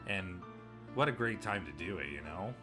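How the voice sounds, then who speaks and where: A man's voice: low-pitched, animated, moderate pace, music in the background. A man streaming a game live, reacting emotionally and laughing often as he comments on the story. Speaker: let's play streamer.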